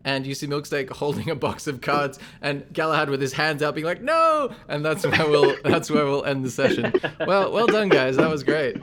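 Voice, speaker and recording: A man narrating a tabletop game as game master, relaxed and chatty, often laughing. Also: a little high, normal speed, hardly any pauses.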